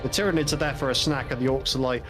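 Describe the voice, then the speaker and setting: A man's voice: medium pitch, rapid-fire, music in the background. A man co-hosting a painting stream in casual chat, wry and rambling, with plenty of swearing. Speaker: stream co-host, hobby painter.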